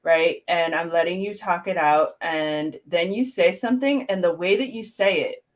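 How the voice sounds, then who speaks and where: A woman's voice: fairly low pitch, normal speed. A woman art therapy counselor talking in a casual interview, chatty, laughing often and using many fillers.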